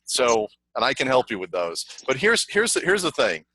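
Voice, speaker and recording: A middle-aged man presenting a sales training over a video call, energetic and conversational, repeating himself and telling stories. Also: mid-range voice, normal speed, slightly rough, no echo, poor audio. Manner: energetic, repetitive, conversational teaching with anecdotes. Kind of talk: online webinar presentation.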